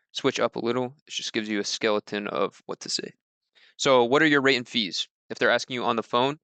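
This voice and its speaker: A man's voice: medium pitch, pushed and bright, clean tone, no room sound. A man giving a casual training talk on handling client objections, loose and conversational, lifting his voice when reading out sample scripts. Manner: reads sample scripts in a slightly raised voice. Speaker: mortgage sales trainer.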